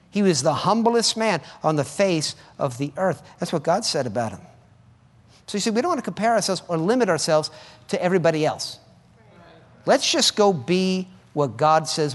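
A fervent male preacher whose high voice swoops up and down as he urges his listeners on. He repeats phrases for emphasis, and each line rings out with a long reverb. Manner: fervent, repetitive exhortation. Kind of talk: sermon.

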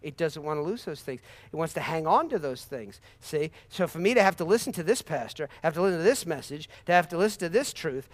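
High, animated male preacher. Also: fast, hardly any pauses. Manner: impassioned, repetitive, with sudden shouted praise and laughs. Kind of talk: sermon.

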